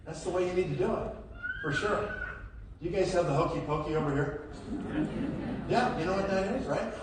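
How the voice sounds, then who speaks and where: Energetic man speaking in echoey hall. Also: sits high, normal speed, recorded from a distance, noisy background. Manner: energetic, rising to loud emphatic peaks, audience questions. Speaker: motivational speaker at a sales event. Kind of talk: live motivational talk to an audience. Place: large hall with audience. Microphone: phone recording from the audience. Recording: echoey hall, phone-streamed from afar.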